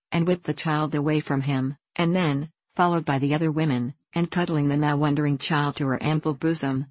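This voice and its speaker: A woman narrating an adventure story aloud in a steady, measured way. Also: low voice, no echo. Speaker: audiobook narrator. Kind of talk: scripted narration.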